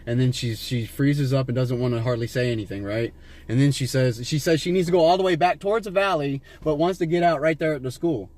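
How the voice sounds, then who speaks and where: A man's voice: mid-range voice, fast, a little mellow. A man from Las Vegas tells a long, winding story from the driver's seat. He talks in a mid-range voice, swears freely and keeps circling back with "you know what I'm saying" and false starts. The sound comes from a handheld camera inside the car. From Las Vegas, USA. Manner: rambling and profane, with many fillers and restarts. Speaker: vlogger filming a street encounter. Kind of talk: casual rambling storytelling to a stranger.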